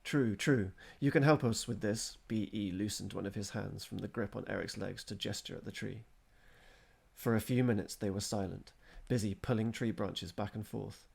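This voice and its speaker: A man reading a story aloud, steady and measured. His voice is low and gravelly with a husky edge. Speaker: narrator.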